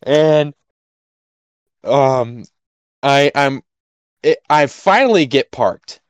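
A man's voice: mid-range voice, extremely slow, clear, resonant tone, no echo, lo-fi sound. A young man co-hosting a podcast, telling a story in casual chat and acting out the people in it. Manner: animated storyteller, acts out voices. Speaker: podcast co-host.

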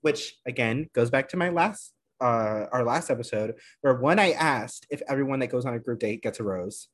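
A man co-hosting a casual podcast, recapping a reality show in an animated, filler-heavy way. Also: medium pitch, normal speed. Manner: animated storytelling, many fillers. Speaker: podcast co-host.

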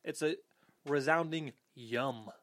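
A man's voice: fairly high pitch, takes it slowly, fairly bright tone, no echo, clean studio sound. A man hosting a podcast, chatting casually in a playful, teasing way. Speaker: podcast host.

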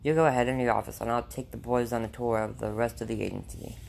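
A man's voice: mid-range voice, flat delivery, quick pace, vocal fry, darkish tone, a little hiss or hum, natural voice. Man voicing a friendly receptionist woman, chatty, storybook. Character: friendly female office receptionist.

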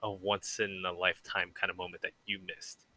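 A man's voice: deep voice, flat delivery, normal speed, sharp tone. A young man talking as a podcast guest, rambling and reflective and saying "like" a lot. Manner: rambling and reflective, heavy use of "like". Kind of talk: casual conversation.

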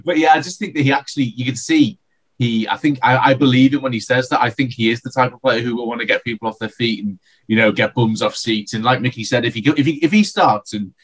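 Quick-talking man in football chat. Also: medium pitch. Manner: quick, rambling, many restarts. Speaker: podcast co-host. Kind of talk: casual football podcast chat.

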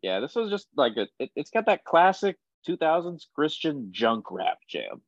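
A young man co-hosting a casual album review podcast, enthusiastic and quick to laugh. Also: on the high side, very animated, no echo, lo-fi sound. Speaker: podcast co-host.

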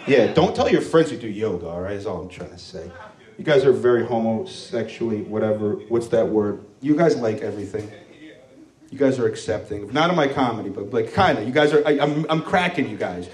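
A lowish, slightly mellow male voice with lively intonation and a somewhat fast pace belongs to a Moroccan comedian in his thirties. His club set is loose, crude, and rambling, with mocking voices. It's recorded from a distance in a roomy space.

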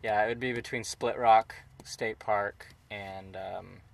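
Excitable young man, slightly low voice. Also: slow, vocal fry, a little hiss or hum. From Utah. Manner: excitable, rambling with many fillers. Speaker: podcast host. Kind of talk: casual travel chat.

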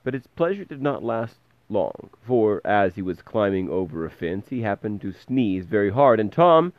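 A man reading a fairy tale aloud in a lively way, pausing to explain words. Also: lowish voice, no room sound, phone-quality sound. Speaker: storyteller.

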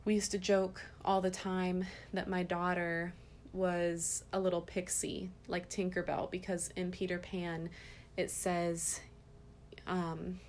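A woman in her thirties hosting a parenting podcast, telling a story about her kids in an earnest, gentle way. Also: lowish voice. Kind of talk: casual parenting podcast talk.

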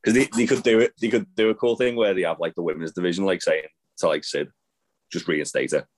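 A man's voice: low-pitched, level tone, fast talker. A man co-hosting a casual podcast, rambling with lots of fillers and restarts. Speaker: podcast co-host. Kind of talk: casual wrestling chat.

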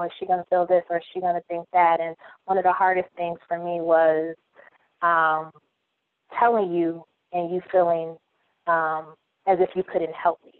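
A woman in her thirties, a podcast guest, speaking hesitantly with many pauses and ums. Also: lowish voice, dry recording. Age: 30s. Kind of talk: personal conversation. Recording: tinny phone-like line.

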